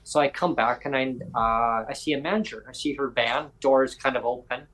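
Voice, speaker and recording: A man's voice: medium pitch, steady tone, moderate pace, fairly bright tone, poor audio. A man hosting a casual chat, telling a long rambling story with lots of voiced quotes and self-corrections. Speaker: podcast host.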